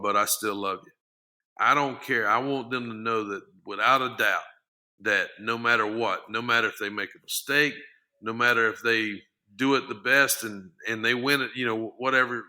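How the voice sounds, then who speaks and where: Middle-aged guy, ex football player on a podcast, low-ish, super bright forceful tone, earnest, keeps repeating himself. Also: steady tone, normal speed. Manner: earnest, repeats and restarts words often. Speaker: podcast guest, former football lineman. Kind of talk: casual interview talk.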